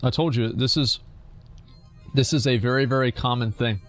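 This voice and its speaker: A man's voice: mid-range voice, steady tone, normal speed, soft background music. A man streaming as he reads forum posts aloud and reacts to them, blunt, mocking and profane.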